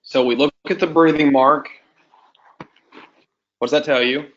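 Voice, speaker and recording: A man's voice: fairly high pitch, fairly even intonation, a little slow. A man teaching a Greek class, patiently quizzing students with prompting questions. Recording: muffled lo-fi classroom recording.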